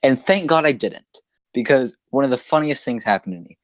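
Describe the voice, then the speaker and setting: A young man co-hosting a podcast, telling a funny story in an animated way and laughing often. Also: mid-range voice, brisk, no room sound, studio quality. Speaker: podcast co-host. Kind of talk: casual storytelling chat.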